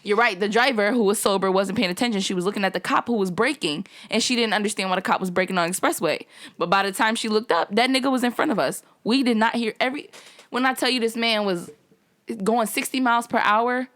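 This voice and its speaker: A young woman, a podcast co-host, telling a story in casual chat among friends, animated and acting out the people in it. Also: mid-range voice, fast talker. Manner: animated storytelling, acts out voices in her retelling.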